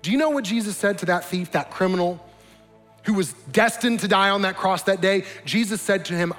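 A man's voice: high-pitched, a little fast. A man preaching as a pastor, earnest, building to emphatic appeals. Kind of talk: sermon. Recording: long reverb with soft music behind.

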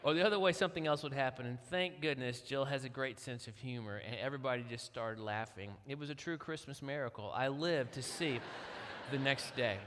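A middle-aged man telling a family story from the pulpit as a guest speaker, acting out the quotes in an animated way. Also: a little high. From Kentucky. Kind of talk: storytelling sermon. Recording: long hall reverb.

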